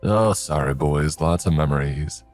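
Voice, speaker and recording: A man's voice: rumbling low, unhurried, a little mellow, faint music behind. A man voicing a folksy older male client who talks in easygoing country phrases.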